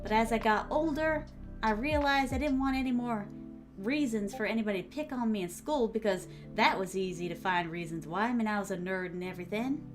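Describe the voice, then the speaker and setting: A young woman chats casually with her stream viewers as she writes, using theatrical, refined diction and calling them "my starlings." Her mid-range voice moves fairly quickly over soft background music.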